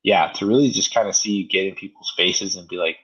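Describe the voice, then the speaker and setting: A man's voice: low-pitched, fast, fairly bright tone, breathy edge, dull audio. A man co-hosting a casual podcast over a remote call, meandering and filling his speech with "like" and "you know.". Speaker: podcast co-host. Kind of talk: casual chat.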